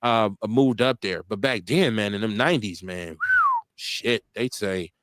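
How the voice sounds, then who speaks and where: Hosting an internet radio show, a man in his forties tells stories casually and with animation, swearing freely and acting out other people's lines. His voice is on the low side and a little slow, with a little hiss or hum in the recording.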